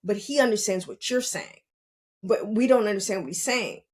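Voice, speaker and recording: A woman's voice: mid-range voice, normal speed. Earnest woman podcaster, repeating her points. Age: middle-aged. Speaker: podcast host, parent. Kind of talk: casual talk.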